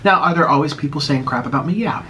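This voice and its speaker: An American man chats casually while eating on camera for a mukbang vlog, swinging into dramatic mock outrage and sounding a little out of breath. His voice is on the high side, bright and forceful, and he talks very fast. There is slight background noise.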